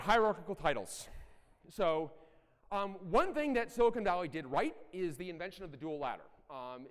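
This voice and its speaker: A middle-aged man giving a conference talk, animated and blunt, with self-deprecating asides and occasional profanity. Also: high-pitched. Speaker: conference speaker. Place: large conference hall. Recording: echoey hall.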